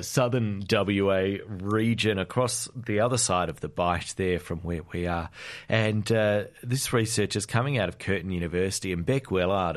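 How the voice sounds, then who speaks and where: An Australian man hosting a community radio science show, chatting casually with many fillers. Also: fairly low pitch.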